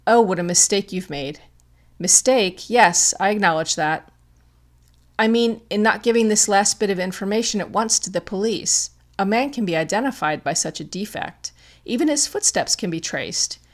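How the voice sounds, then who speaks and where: A woman voicing a calm, shrewd young society girl detective who asks gentle, probing questions. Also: mid-range voice, moderate pace, natural voice. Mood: brisk.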